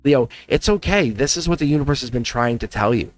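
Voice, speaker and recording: A man's voice: medium pitch, expressive, a little fast. Chatty man giving a tarot reading. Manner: emotional, chatty, laughing. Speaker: tarot reader. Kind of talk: casual spoken tarot reading.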